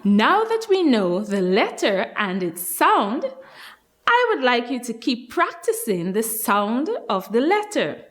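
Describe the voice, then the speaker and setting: A woman with a Guyanese accent teaching a nursery class, speaking slowly and spacing her words clearly for small children. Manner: slow, clearly spaced words with lively rises in pitch. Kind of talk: slow, sing-song lesson for young children.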